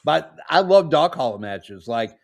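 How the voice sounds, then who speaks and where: Male co-host, casual chat, raised pitch, blunt and jokey. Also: big pitch swings, measured pace, gravelly. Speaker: podcast co-host.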